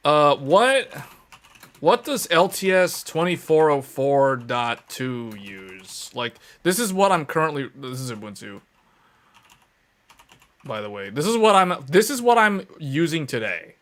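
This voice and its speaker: Animated, exasperated male tech host. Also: fairly high pitch, measured pace. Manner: animated, exasperated, lots of fillers. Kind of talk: casual livestream chat.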